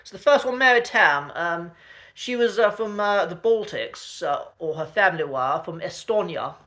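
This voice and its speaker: Male accent coach, casual lesson delivery, bright tone, hesitant and polite. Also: high voice, lively intonation. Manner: hesitant, with frequent ums and uhs and restarts; polite, measured and chatty. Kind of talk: casual spoken lesson to camera.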